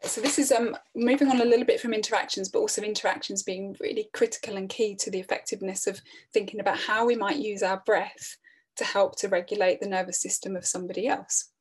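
A middle-aged woman presenting a training webinar in a calm, earnest way, often restarting her phrases. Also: medium pitch, fast, husky. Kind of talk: online training talk.

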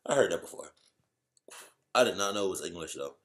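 A man in a casual vlog, reacting with loud exclamations and slangy chatter while trying out a translation app. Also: deep voice, lively intonation, brisk. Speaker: YouTuber.

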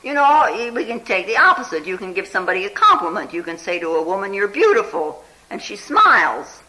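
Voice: mid-range voice, very animated, pushed and bright, rough recording. A meditation teacher giving a conversational spiritual talk, telling a Zen story and often checking in with the listeners with a questioning "hmm?" or "huh?". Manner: unhurried and conversational, full of "you know".

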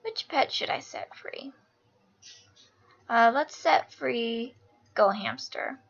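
A young woman host giving casual, excitable gameplay commentary, gushing and giggly. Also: on the high side, slow pace, gravelly. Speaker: gaming channel host. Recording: lo-fi screen-capture audio over game music.

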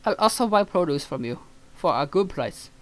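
A man voicing a friendly male village shopkeeper in a game, reading his lines in a slow, raised sales-pitch voice. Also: animated, a bit bright, rough recording. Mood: cheery.

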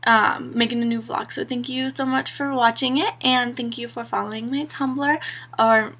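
Young woman venting to her camera, sarcastic, bright and a bit husky, kinda high. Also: steady tone, moderate pace. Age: young adult. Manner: sarcastic, exasperated, lots of "like". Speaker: vlogger. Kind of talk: casual rant to camera.

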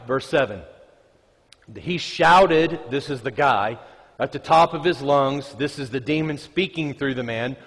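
A man preaching a conversational sermon, reading scripture aloud and joking with the congregation. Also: medium pitch. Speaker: pastor. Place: church sanctuary. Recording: reverberant church hall.

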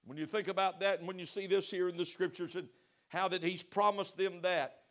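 Male pastor with a high-pitched voice, preaching in church; rises to loud exhortation, then drops to soft pleading. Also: steady tone, brisk. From United States. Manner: asks the congregation direct questions. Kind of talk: sermon. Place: church sanctuary.

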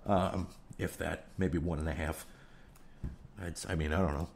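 A man's voice: very deep voice, steady tone, moderate pace, vocal fry, slight background noise. A young man, hosting a podcast with a rambling, swearing, self-deprecating comedic rant. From New York. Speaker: podcast host.

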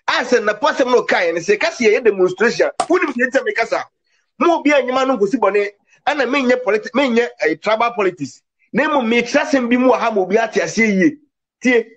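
Husky high-voiced man in heated political talk. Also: fairly bright tone, muffled recording. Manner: emphatic, mixes English words into his talk. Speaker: political commentator.

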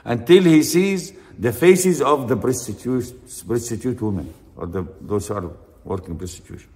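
A man's voice: medium pitch, lively intonation, moderate pace, darkish tone, big-room sound. A man with an Arabic accent preaching a storytelling sermon, acting out the characters in his tale and reciting Arabic verses.

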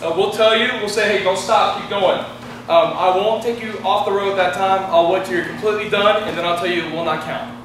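A man's voice: sits high, fairly even intonation, a little fast, background noise. Texan man instructing in an echoey gym. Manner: plain, repetitive, checks in with "okay?". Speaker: fitness test instructor. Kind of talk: instructional demonstration. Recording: echoey room from a distance.

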